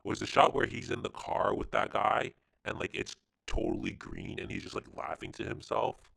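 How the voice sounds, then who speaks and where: A man hosting a podcast, chatting casually about films in a slangy, animated way. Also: lowish voice, moderate pace, gravelly, no room sound. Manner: slangy, animated, says dude and bro. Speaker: podcast host. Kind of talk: casual film chat.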